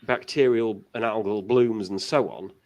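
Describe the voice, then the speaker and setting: A man's voice: fairly low pitch, normal speed, a little mellow. A man as a guest on a casual talk show, giving long explanations with many restarts.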